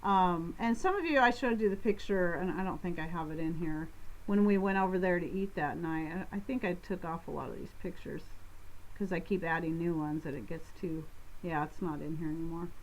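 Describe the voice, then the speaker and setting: A woman's voice: lowish voice, a little hiss or hum. A woman co-hosting a homestead live stream, answering viewer questions in a loose, chatty way. She rambles, cuts herself off and jumps between thoughts, with a light laugh never far away. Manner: rambling, self-interrupting, quick laughs. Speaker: co-host of a homestead live show. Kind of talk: casual live-stream Q&A chat.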